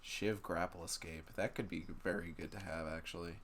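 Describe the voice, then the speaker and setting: A man streaming a game, chatting casually and excitably, now and then slipping into silly voices. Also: deep voice, moderate pace, background noise. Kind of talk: casual gameplay chat.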